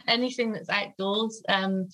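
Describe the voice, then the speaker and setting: A woman's voice: mid-range voice, sharp tone, rough recording. A woman in her thirties, a guest in an interview, talking hesitantly with many fillers. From United Kingdom. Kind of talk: conversational interview.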